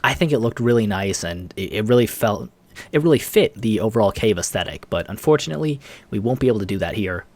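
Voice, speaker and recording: A man's voice: lowish voice, lively intonation, fast talker, darkish tone, dry recording. A man giving casual, rambling commentary over his own gameplay, laughing often. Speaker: let's play host.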